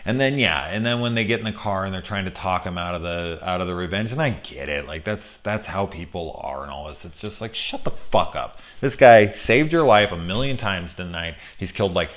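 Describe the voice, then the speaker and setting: A man with a very low voice talks through a film review in a loose, rambling way. He swears freely, gets heated, and laughs between points. It sounds like an off-the-cuff spoiler chat. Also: animated, a little fast, hardly any pauses, fairly bright tone. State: angry.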